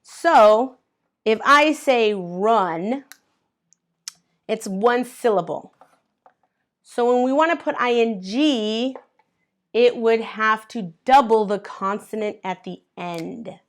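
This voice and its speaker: Teaching English grammar to learners, a woman patiently goes letter by letter and sound by sound. Her voice is on the high side, her pace slow, and she pauses often in this unhurried classroom explanation.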